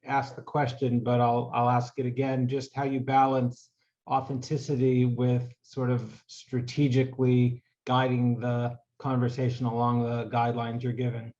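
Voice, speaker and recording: A man's voice: medium pitch, monotone, moderate pace, a little mellow, dull audio. A man asking a question on a video call, polite and hesitant, restarting his sentences.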